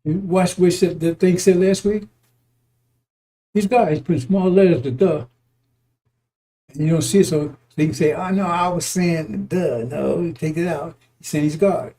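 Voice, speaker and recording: A man preaching in an easy, high voice with a warm, dark tone. His delivery is emphatic and repetitive, broken by frequent chuckles, and he swears casually as he works through scripture. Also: moderate pace. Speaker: religious teacher.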